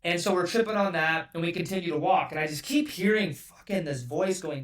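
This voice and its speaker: As a podcast guest, a Californian man spins a casual, rambling story, cursing frequently and stuffing every gap with "like." He speaks a little fast in a high voice with hardly any pauses, and the mic sits at a distance.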